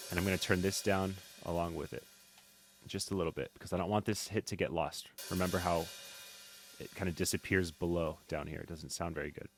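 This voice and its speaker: A man teaching drum mixing in a casual tutorial, thinking aloud with fillers and swinging in loudness. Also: low voice. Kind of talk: casual screen-recorded tutorial. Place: home studio. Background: faint music from drum playback.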